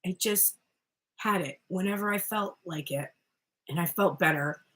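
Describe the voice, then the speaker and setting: A woman's voice: lowish voice, unhurried, a bit bright. A woman giving a casual spoken tarot reading, chatty and rambling, often breaking off mid-sentence and laughing. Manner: chatty, rambling, self-interrupting with frequent "like". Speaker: tarot reader.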